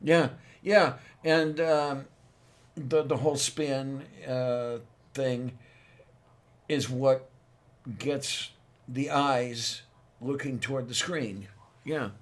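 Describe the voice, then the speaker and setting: Slow-talking, laid-back man. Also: mid-range voice, fairly even intonation. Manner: laid-back, short replies, dry quips. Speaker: podcast co-host. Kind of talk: casual chat.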